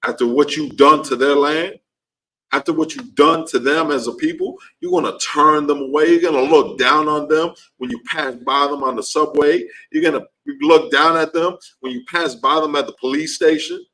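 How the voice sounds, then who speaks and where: A man's voice: fairly high pitch, expressive, normal speed, a bit bright, poor audio. A man teaching a class in an impassioned preaching style, heated and repetitive, his voice leaping upward when he gets worked up.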